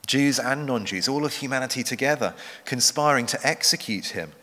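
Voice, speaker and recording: Bright-voiced preacher in a reverberant hall. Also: male voice, medium pitch. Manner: earnest, measured, slows for emphasis. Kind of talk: sermon.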